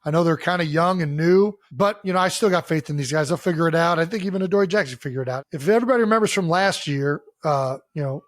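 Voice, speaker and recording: A man's voice: on the high side, quick pace, hardly any pauses, no echo. A man co-hosting a podcast in casual sports chat, giving long emphatic explanations and swearing often. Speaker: podcast co-host.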